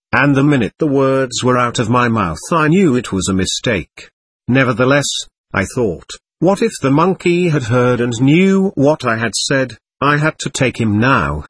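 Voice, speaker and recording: Husky male storyteller, lively delivery. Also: mid-range voice, dry recording. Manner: expressive storytelling. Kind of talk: audiobook narration.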